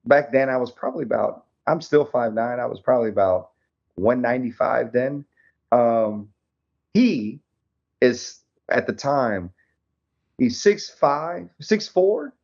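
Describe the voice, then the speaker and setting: A man guest telling a personal story candidly in an interview, lively and laughing often, acting out the dialogue. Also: mid-range voice, a little slow, vocal fry. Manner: animated, laughs often, acts out quoted dialogue. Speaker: podcast guest, army veteran. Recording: slightly dull lo-fi audio.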